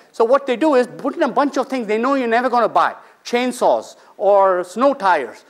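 A man, a finance professor, lecturing students in a conversational way, asking the audience questions and briefly acting out the people in his stories. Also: high voice. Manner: acts out quoted people in short bursts.

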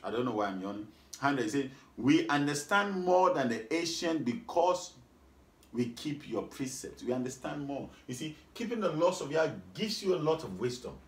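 A man's voice: a little high, very animated, moderate pace, roomy sound. A man preaching a sermon, reading scripture aloud and repeating key lines, prompting listeners with questions like "what?". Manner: rhythmic, repeats lines, asks the congregation what. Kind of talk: sermon with call and response.

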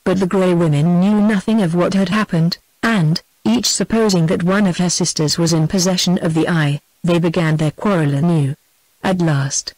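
A British female text-to-speech voice narrating a storybook in an even, steady reading. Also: fairly low pitch, no room sound, low-quality recording. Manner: even, evenly paced reading that also reads punctuation aloud. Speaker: audiobook narrator.

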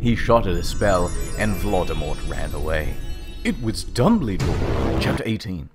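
A man hosting and narrating a comedic dramatic reading, deadpan with sarcastic swoops. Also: low-pitched, measured pace. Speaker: narrator and host. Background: music.

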